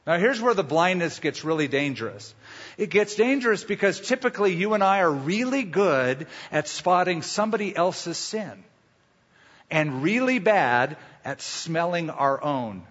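A pastor preaching a sermon with emphatic rhetorical questions and homely illustrations. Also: male voice, high voice, sing-song, a little slow, a bit bright, slightly rough, big-room sound, muffled recording.

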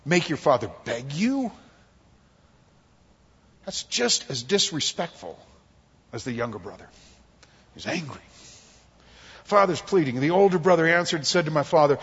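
A man's voice: on the high side, normal speed, pauses often, husky, big-room sound, dull audio. A man preaching a conversational sermon, acting out quotes and jokes from his family life. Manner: animated, conversational, acts out quotes. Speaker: pastor. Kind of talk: expository sermon.

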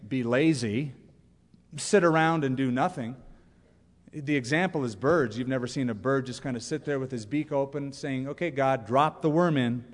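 Animated preacher man in a reverberant hall. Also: a little high. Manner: animated, reads quotes with humor. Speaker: pastor. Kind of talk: sermon. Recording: long reverb of a church hall.

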